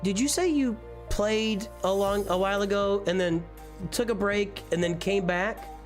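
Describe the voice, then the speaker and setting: A man's voice: sits high, a little slow, soft background music. A man casually reviewing a viewer's game roster on a live stream, rambling and easily distracted. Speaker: gaming streamer.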